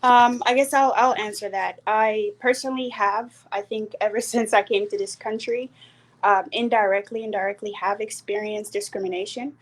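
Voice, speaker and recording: A young woman from South Sudan with a South Sudanese accent, earnestly telling a personal story with hesitant pauses and fillers. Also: mid-range voice, fairly even intonation. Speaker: panel speaker.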